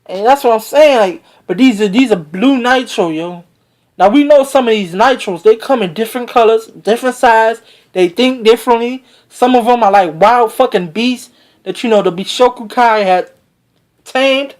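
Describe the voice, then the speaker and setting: An excitable reviewer talks through a manga chapter in a loose, rambling way, full of slang and swearing. The sentences restart and trail off as the thoughts race ahead. The voice sits at an ordinary middle pitch. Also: moderate pace. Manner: excitable, slangy and heavily profane; rambling with many fillers and restarts. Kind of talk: casual recap of a manga chapter.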